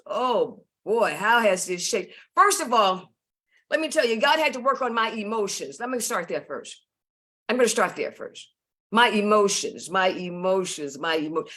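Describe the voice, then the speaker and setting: A woman's voice: on the high side, bright, forceful tone. A woman giving a fervent, preacher-like testimony on a video call, repeating phrases for emphasis. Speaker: guest speaker.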